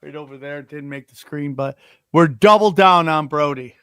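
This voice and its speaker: A man's voice: fairly high pitch, normal speed, bright, forceful tone, clear, resonant tone, no room sound, studio quality. A man hosting a comedy podcast, joking and riffing casually. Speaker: podcast host.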